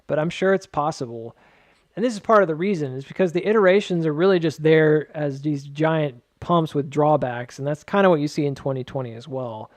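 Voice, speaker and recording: Rambling, fairly high-voiced man explaining charts. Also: darkish tone, no echo. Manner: rambling with joking asides; filler-heavy, many "like"s. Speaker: market charting host. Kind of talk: casual chart walkthrough.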